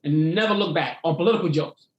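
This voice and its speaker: A man who does stand-up tells his stories with lively acted-out voices. His voice sits high for a man. The room around him rings with echo. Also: fast talker, highs cut off. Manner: animated storyteller acting out voices. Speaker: comedian guest. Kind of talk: storytelling interview.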